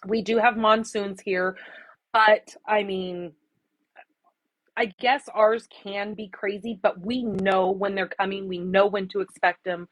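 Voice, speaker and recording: A woman's voice: medium pitch, fairly even intonation, a little slow, no echo, poor audio. A woman in her forties from Arizona hosting a casual craft livestream, chatting with viewers and greeting them by name, sometimes emotional. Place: home craft room.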